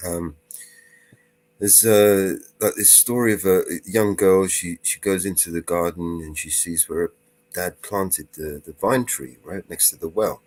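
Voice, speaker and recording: A man hosting a live stream panel, chatting casually, laughing often and rambling through stories. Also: lowish voice.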